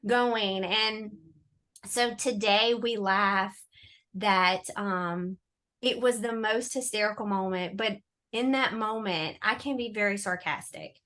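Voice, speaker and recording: A woman, a podcast guest telling a story in an animated, sarcastic way and laughing often. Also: medium pitch, slow. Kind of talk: casual storytelling chat.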